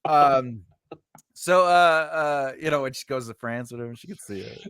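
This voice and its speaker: A man's voice: medium pitch, a little fast, fairly bright tone, smooth, dry recording, clean studio sound. A man with a New York accent hosting a podcast interview in a casual, joking way, laughing often. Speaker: podcast host.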